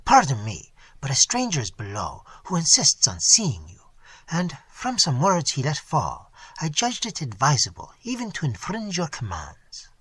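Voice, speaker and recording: Man doing a hushed, deferential servant. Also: fairly high pitch, wildly swooping pitch, moderate pace, breathy edge, dry recording, full character voice. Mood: urgent.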